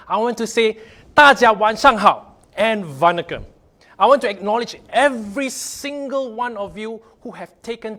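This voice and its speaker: A man giving a motivational sales training talk, upbeat and emphatic, trailing softer at the ends of phrases. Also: high voice.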